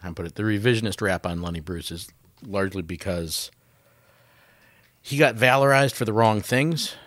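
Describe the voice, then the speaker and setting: Deep-ish guy on a podcast, fact checking, dry sound, thinks it through. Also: normal speed, a bit bright, dry recording. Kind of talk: casual chat.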